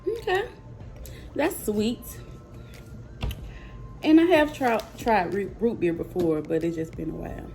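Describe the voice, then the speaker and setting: Slow-talking woman, chatty vlogger. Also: medium pitch, expressive, vocal fry, over music. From Mississippi, USA. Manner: chatty and playful, talking straight to viewers. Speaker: mother and vlogger tasting snacks. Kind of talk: casual chat to camera.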